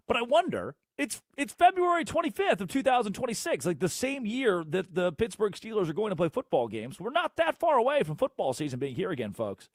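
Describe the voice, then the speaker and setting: A man hosting a solo sports talk show, ranting sarcastically and swinging between loud outbursts and low mutters. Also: sing-song, brisk, hardly any pauses, no room sound, clean studio sound. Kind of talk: solo sports radio rant.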